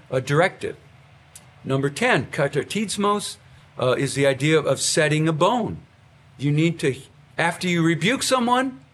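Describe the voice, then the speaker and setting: A pastor teaching a class of pastors in a lively lecture style, with frequent fillers and restarts. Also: male voice, fairly high pitch, slight background noise.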